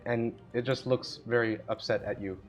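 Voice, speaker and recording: A man narrates a tabletop game as its game master. His delivery is slow and measured, and he breaks into laughter often. Faint music plays underneath. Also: mid-range voice, fairly even intonation.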